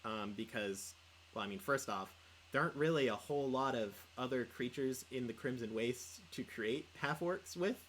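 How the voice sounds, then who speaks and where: A young man talks through a casual livestream chat, rambling and leaning on filler words. His pitch sits in the middle of the range. A faint hiss of background noise runs underneath. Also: normal speed, a bit bright, low-quality recording. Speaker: podcast co-host and player.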